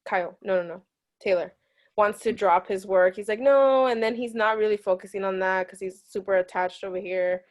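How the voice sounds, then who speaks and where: A woman in a casual book club discussion, animated, laughing often and acting out quotes. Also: medium pitch, a little fast.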